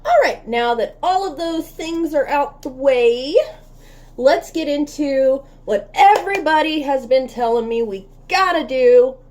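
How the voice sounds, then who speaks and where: A woman's voice: high voice, expressive, measured pace, darkish tone. A woman hosting a reaction channel, chatting casually and affectionately with her viewers in a bubbly, talkative way. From United States.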